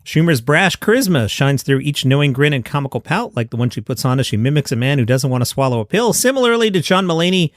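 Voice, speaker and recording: A man's voice: mid-range voice, sing-song, quick pace, hardly any pauses, no echo, clean studio sound. A man hosting a comedy news podcast, reading reviews aloud with wry, sarcastic asides. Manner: wry, sarcastic asides between read quotes.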